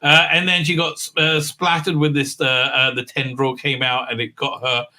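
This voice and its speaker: A man's voice: medium pitch, level tone, moderate pace, bright, forceful tone. A man giving a casual, sarcastic recap and review in a rambling way, with many filler sounds. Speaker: video reviewer.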